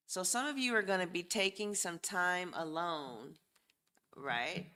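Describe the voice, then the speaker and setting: A woman reads tarot cards in a loose, chatty way, cursing freely and speaking straight to her viewers. Her voice sits a little low but sounds bright, and she takes her time. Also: expressive, slow pace. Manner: blunt, profane and chatty; addresses viewers directly and warmly. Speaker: tarot reader. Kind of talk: casual live tarot reading.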